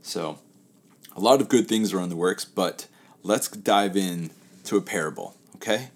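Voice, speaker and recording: Low-voiced man telling a parable. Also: moderate pace. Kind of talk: casual spoken parable for listeners.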